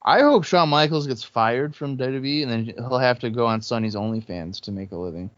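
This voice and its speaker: A man's voice: mid-range voice, a little fast, fairly bright tone, no room sound. A man co-hosting a podcast, giving crude, joking play-by-play while watching a match. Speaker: podcast co-host. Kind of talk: casual watch-along commentary. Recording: dull lo-fi podcast audio.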